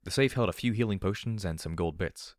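Reading a first-person story aloud, this male audiobook narrator has a very low, deep voice with a slightly mellow quality. He paces it in a measured audiobook style, recorded close and dry with no echo from the room.

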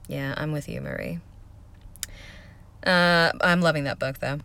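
A woman's voice: deep voice, a little slow, vocal fry, long pauses, sharp tone, smooth. Chatty woman, slight Southern accent. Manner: chatty, rambling, with fillers. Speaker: vlogger. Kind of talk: casual accent-tag vlog, reading aloud.

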